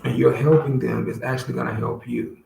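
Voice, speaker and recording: Gravelly-voiced man, earnest and emotional. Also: mid-range voice, level tone, dark tone. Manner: earnest and emotional, halting with restarts. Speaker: podcast host. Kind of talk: heartfelt solo podcast talk. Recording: roomy echo with faint background noise.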